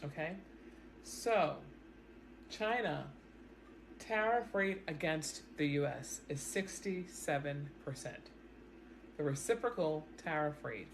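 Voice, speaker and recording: A woman talking straight into her own camera, explaining the news in a loose, animated way and often doubling back on her words. Her voice is clear, with a faint hum of noise behind her. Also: sits low. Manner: animated, repeats words, talks straight to viewers. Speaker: news commentary vlogger. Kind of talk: casual explanatory commentary to camera. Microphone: self-recorded camera setup.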